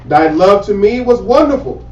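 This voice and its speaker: High-voiced guy reading bible verses slow, echoey and muffled. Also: animated, darkish tone. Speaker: scripture reader. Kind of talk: reading scripture aloud. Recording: echoey, dull, distant mic.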